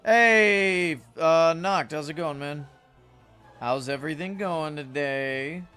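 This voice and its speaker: A man's voice: fairly high pitch, slow, bright, forceful tone, smooth, soft background music. A man chatting casually with viewers while livestreaming a game, rambling and greeting chat. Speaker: streamer.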